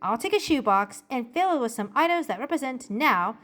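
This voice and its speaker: A woman's voice: a little high, lively intonation, brisk, a bit bright. A woman voicing a cheerful, bookish preteen girl in a journal-style character monologue, bubbly and giggly as she tells jokes. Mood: cheerful joking. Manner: bubbly, giggly joke-telling.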